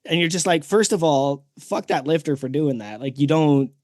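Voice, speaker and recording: A man's voice: fairly high pitch, moderate pace, darkish tone, no room sound. Man, podcast co-host, laughs a lot, swears, dry close sound. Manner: laughing, profane. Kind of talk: casual chat.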